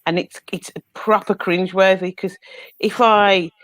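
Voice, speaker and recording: A woman, a panellist in a casual chat, expressive and laughing as she makes her points. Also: medium pitch, measured pace, dry recording. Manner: expressive, laughing, mimics voices.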